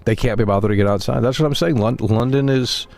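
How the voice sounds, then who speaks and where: A man's voice: medium pitch, fast talker, creaky, darkish tone. A man streaming live, ranting bluntly at his chat with plenty of swearing. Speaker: game streamer.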